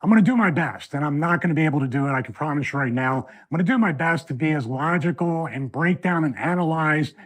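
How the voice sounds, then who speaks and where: A man hosting a video breakdown from his home studio, analyzing a wrestling match in an animated way that builds toward a rant. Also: a little high, fast talker, hardly any pauses.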